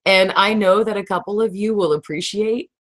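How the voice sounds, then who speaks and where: A woman, hosting a casual livestream chat, rambling and reading out viewer comments in a raspy voice. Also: medium pitch, moderate pace, a bit bright. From Texas. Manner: rambling, laughs often, reads viewer comments. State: raspy today. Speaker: livestream host.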